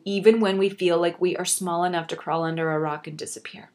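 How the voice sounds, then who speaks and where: A woman's voice: lowish voice, fairly even intonation, a little fast. A young woman hosting a motivational podcast, speaking earnestly and encouragingly and addressing the listener directly. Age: young adult. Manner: earnest, encouraging, self-reflective. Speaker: podcast host.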